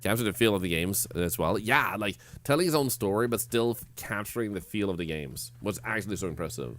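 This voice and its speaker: Brisk and expressive, this streamer's lowish voice has a bit of brightness. Playing a horror game, he rambles, stumbles over his words, and cracks jokes at his own expense while talking with viewers.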